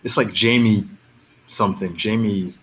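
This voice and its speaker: A man, a guest on a podcast, telling anecdotes in a lively, casual way and acting out the people he quotes. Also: lowish voice, normal speed, slight background noise. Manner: animated storyteller who acts out the people he quotes.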